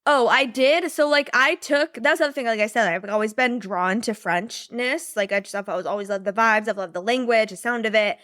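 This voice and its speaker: A young woman talks in a bubbly, rambling way, full of fillers and quick laughs. Her voice sits a little high, recorded close and dry with no room sound. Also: a bit bright, no echo. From United States. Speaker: podcast host and business mentor. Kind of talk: casual chat.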